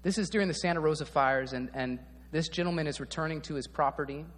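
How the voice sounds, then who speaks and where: A man preaching a sermon as a pastor, speaking in a relaxed, conversational way and often checking in with the audience. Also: fairly high pitch, quick pace, long reverb tail.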